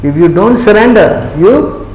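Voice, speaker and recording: A man's voice: sits high, expressive, measured pace, a little mellow. A man giving an interactive scripture lecture, often asking whether listeners follow him. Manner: keeps checking that listeners follow, with short questions. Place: temple hall. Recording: echoey hall with faint noise.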